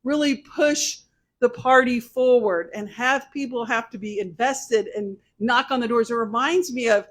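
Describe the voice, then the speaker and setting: A woman speaking to a local political meeting, telling lively stories and acting out both sides of conversations. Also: a little high, measured pace. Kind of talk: speech to a local political group.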